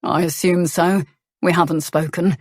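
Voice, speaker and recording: A woman's voice: on the low side, steady tone, normal speed, slightly rough, dry recording, clean studio sound. A woman doing a charming, rueful nobleman. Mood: earnest.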